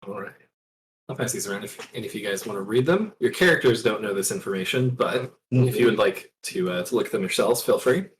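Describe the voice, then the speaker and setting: A man running a tabletop horror game as game master, quick, loose and joking. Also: fairly low pitch, noisy background.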